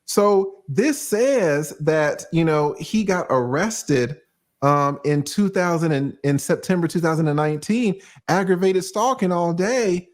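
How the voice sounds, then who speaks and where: A man hosting a casual livestream, breaking down legal cases in a blunt, profane way and acting out judges in quick asides. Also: a little high, expressive. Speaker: livestream host, lawyer.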